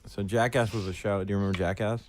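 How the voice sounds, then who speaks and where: A man co-hosting a podcast, telling a crude, rowdy story in casual chat and loudly acting out what people said. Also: fairly low pitch, steady tone, fast, background noise. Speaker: podcast co-host.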